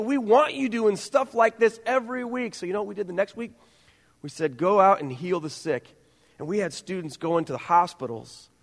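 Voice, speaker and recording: A middle-aged man preaching a sermon as pastor, earnest and growing animated, with stumbling restarts. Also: high-pitched, big-room sound.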